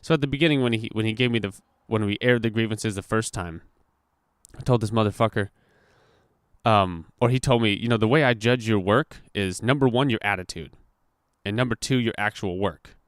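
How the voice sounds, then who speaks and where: In a studio-quality, dry recording, a young podcast host with a fairly low, smooth voice speaks a little fast. He's casually telling a story, profane and animated, with acted-out quotes.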